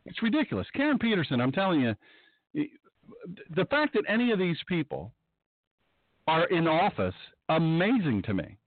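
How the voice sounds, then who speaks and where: Excitable male radio host, lively swooping pitch, dry close sound, thin phone-line tone. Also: normal speed, pauses often, dry recording. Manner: excitable, breaks into mocking high-pitched impressions. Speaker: radio show host and pastor. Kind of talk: animated talk-radio monologue.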